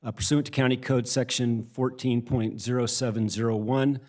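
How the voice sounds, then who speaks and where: A man's voice: mid-range voice, flat delivery, moderate pace, darkish tone. A man from county staff presenting an agenda item to a board, formal and a bit hesitant. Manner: hesitant, filler-heavy opening.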